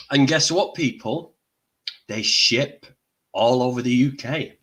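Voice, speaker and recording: A man's voice: medium pitch, slow pace, a bit bright. An older man hosting a casual livestream, chatty and exclaiming, eating while he talks. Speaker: livestream host.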